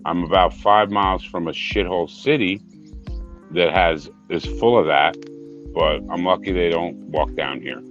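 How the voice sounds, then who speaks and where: A man's voice: sits low, normal speed, fairly bright tone, faint music behind. A man hosting a casual podcast chat, crude and heavy on swearing. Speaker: podcast host. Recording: dull lo-fi sound.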